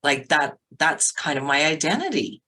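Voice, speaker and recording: Middle-aged woman, podcast guest, sobriety coach, lively storyteller, acts out voices, casual fillers. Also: sits low, moderate pace, low-quality recording. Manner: animated, acts out quotes, many "like" fillers.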